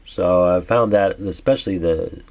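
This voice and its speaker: A man with a New York accent, his voice sitting on the low side. He reads an article aloud and then thinks out loud in a halting way. He restarts his sentences often and trails off into fillers. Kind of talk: reading articles and musing aloud.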